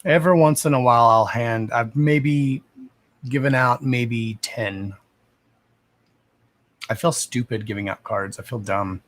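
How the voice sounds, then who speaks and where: A man's voice: mid-range voice, a little slow, pauses often. A young man hosting a psychic reading livestream, chatting casually with viewers by name, swearing freely and laughing often.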